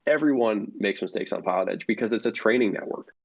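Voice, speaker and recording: A man's voice: lowish voice, fast talker, vocal fry, husky. A man speaking as a guest for a flight sim network in a casual podcast interview, rambling with many fillers and restarts. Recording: dull lo-fi audio.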